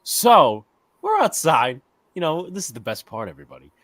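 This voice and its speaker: A man co-hosting a casual sports podcast, telling stories in a profane, animated way. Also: a little high, moderate pace, no echo. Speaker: podcast host.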